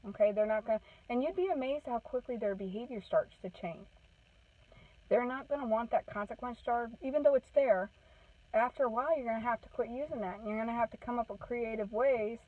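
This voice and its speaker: A woman's voice: fairly high pitch, brisk, no echo. Woman, parenting advocate, casual earnest advice, checks in with listeners, distant tinny sound. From Maine. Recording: tinny phone-like sound from off the mic.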